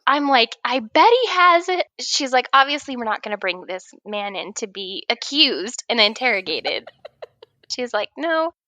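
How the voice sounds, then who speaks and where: A woman in her thirties telling a funny personal story in casual chat, laughing often and acting out her own yelling. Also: fairly high pitch, unhurried, dry recording. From Oregon. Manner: animated, laughing, acts out her own shouting. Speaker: guest writer.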